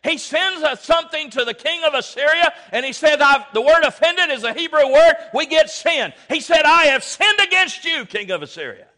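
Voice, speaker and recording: A preacher delivers an emphatic sermon in a high, bright, forceful voice. He swings between loud exhortation and low, quiet asides. He draws amens from his listeners. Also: expressive, moderate pace, hardly any pauses. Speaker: pastor.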